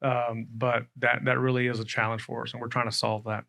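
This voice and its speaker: A man's voice: mid-range voice, level tone, brisk, gravelly, sharp tone. A man, an airport director speaking on a panel, rambling with many fillers. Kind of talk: panel discussion.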